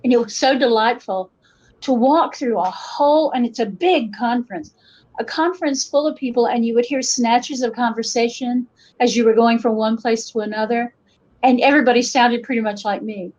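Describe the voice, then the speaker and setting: Animated Appalachian woman telling stories. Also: a little high, normal speed, muffled recording. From western North Carolina. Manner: animated, acts out quoted voices, frequent restarts. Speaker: guest, folklorist and educator. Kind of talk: conversational interview storytelling.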